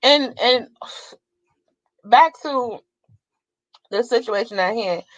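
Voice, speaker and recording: A woman's voice: a little high, slow pace, dry recording, rough recording. A young adult woman vlogger in a blunt, profane, fiery casual rant to her viewers. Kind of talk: casual ranting monologue.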